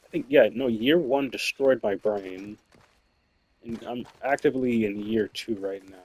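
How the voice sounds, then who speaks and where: A man's voice: medium pitch, measured pace, a little mellow, breathy edge. A young man telling work stories in a casual, rambling way, swearing and laughing often. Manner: rambling, profane, laughs often, many fillers. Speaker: streamer. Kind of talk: casual storytelling while gaming.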